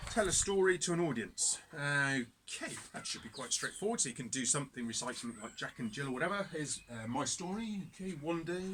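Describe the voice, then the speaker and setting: In a casual instructional video, a man leads cub scouts through activities, chatty and self-deprecating. His mid-range voice sounds pushed and bright, and there's background noise.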